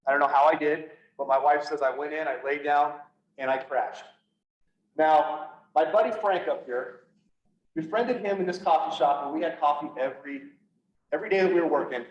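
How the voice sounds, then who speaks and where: A man giving an earnest personal talk to an audience, halting at times and restarting his sentences. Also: fairly high pitch. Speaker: public speaker on PTSD. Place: event room, speaking to an audience. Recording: echoey room, voice from far off, dull sound.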